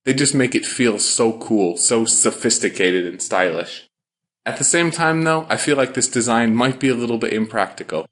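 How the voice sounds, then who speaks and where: A man hosting a podcast, giving upbeat, enthusiastic commentary in a quick, rapid-fire delivery. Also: medium pitch, a bit bright. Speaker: podcast host.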